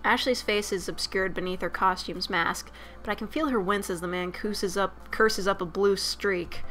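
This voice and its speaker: A young woman streamer reading a dating sim aloud with loud, profane, expressive commentary. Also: medium pitch, moderate pace, faint music behind.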